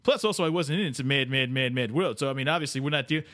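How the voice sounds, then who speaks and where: A man's voice: medium pitch, fast, a bit bright, dry recording, studio quality, natural voice. A man doing a comedic impression of a boastful older male film actor who rambles and name-drops in a chummy way. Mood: rambling.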